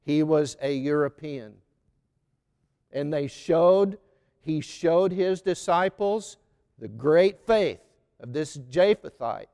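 A man preaching a sermon on a Gospel reading, slow and deliberate, stressing lists of words one by one. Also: on the high side, animated, dark tone, smooth, big-room sound.

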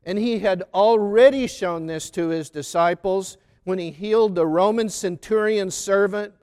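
A man delivers a sermon with slow, deliberate phrasing, weighing each word. His voice sits high and comes through clear and smooth. Long reverb hangs behind him, as in a large church. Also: a little mellow. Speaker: preacher. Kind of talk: sermon on a Gospel reading.

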